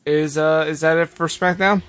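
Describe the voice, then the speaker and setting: A man co-hosting a podcast in casual chat, delivering dry, deadpan jokes. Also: a little high, normal speed, no room sound. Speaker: podcast co-host.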